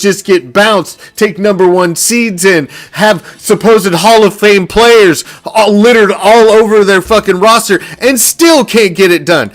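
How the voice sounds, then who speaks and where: Man, fan-show host, slightly high voice, swearing and gloating through a reaction rant, faint music underneath. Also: fairly bright tone. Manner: profane, gloating, laughing often. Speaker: sports podcast host.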